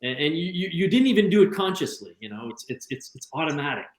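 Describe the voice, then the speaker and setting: A male podcast host talks fast in a casual, chatty way, tripping over his own restarts and repeating words as he goes. His voice sits a little high. The sound carries a noticeable room echo. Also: very animated. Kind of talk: casual conversation.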